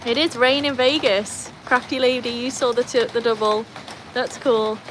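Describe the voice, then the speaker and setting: A British woman hosts a relaxed livestream from a tin-roofed veranda while rain falls, chatting with viewers, reading their comments aloud and urging her dogs along. Her voice sits on the high side with fairly even intonation and a moderate pace. The low-quality recording carries a slight hiss or hum.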